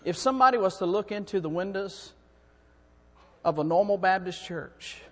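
High-voiced fervent preacher, echoing hall. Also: male voice, expressive, normal speed. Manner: rising to fervent shouting peaks. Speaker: preacher and song director. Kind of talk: sermon. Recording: long hall reverb.

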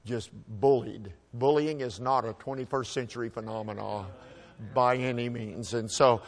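A man at a microphone tells an audience a personal story in a plain, folksy way. His voice sits at an ordinary middle pitch for a man. He often stumbles and repeats a word before pressing on. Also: fairly even intonation. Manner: folksy, halting, repeats words while restarting. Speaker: speaker telling a personal story.

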